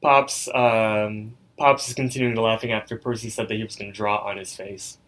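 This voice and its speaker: A man's voice: fairly low pitch, steady tone, normal speed, a bit bright, poor audio. A young man co-hosting a podcast, casually retelling a spooky story and an episode, rambling with lots of "like" fillers. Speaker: podcast co-host.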